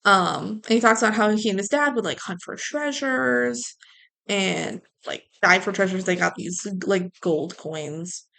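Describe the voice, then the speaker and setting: A woman's voice: medium pitch, lively intonation, measured pace, gravelly, fairly bright tone. A woman co-hosting a podcast, chatting casually through a movie recap, laughing and quoting characters. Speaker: podcast co-host.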